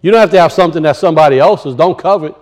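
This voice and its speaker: High-voiced preacher, animated and questioning. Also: male voice, very fast. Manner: animated, asks the audience questions. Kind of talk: sermon.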